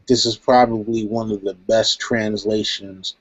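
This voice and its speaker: A man's voice: on the low side, fairly even intonation, measured pace, dry recording. Laid-back rambling man in casual chat. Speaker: guest in live chat. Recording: dry, dull lo-fi stream audio.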